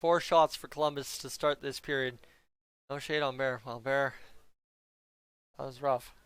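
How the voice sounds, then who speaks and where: A man's voice: mid-range voice, fairly even intonation, unhurried, smooth, no room sound. A young man giving a casual, joking play-by-play reaction to a hockey game for his viewers. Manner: chatty, joking asides to viewers.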